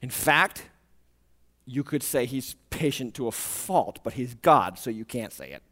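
A man preaching a sermon, animated and jokey, acting out voices and alarm-clock beeps. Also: extremely high pitch. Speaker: pastor.

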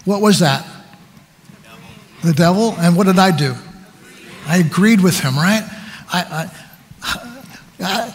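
High-voiced preacher in a reverberant hall. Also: male voice, slow pace, pauses often. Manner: storytelling, self-deprecating, animated. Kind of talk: sermon.

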